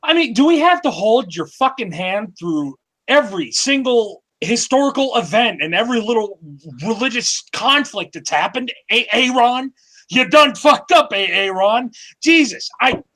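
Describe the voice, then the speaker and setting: A man on a panel, ranting angrily and swearing, with a husky voice. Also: extremely high pitch, lively intonation, moderate pace, fairly bright tone. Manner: angry, profane ranting. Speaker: panel guest. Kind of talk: heated panel discussion.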